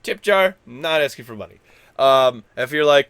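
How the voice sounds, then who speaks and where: A man hosting a gaming news channel on YouTube, chatting casually and rambling. He talks loudly and goofily, swinging between quiet and loud. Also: mid-range voice, expressive, brisk, clean tone, dry recording. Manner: goofy, self-deprecating. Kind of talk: casual rambling commentary to camera.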